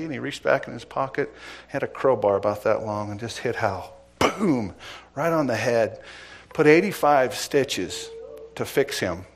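Middle-aged guy preaching, ex-cop stories, goes loud then drops to a hush. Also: medium pitch, lively intonation, a little slow. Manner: dramatic storyteller, swings from loud to hushed. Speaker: preacher, former police officer. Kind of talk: sermon with personal story.

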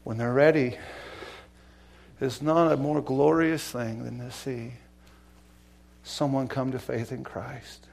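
A man preaching a sermon as pastor, emphatic and earnest, swinging between loud declarations and hushed pleading questions. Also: mid-range voice, fairly even intonation, slow, vocal fry, long pauses.

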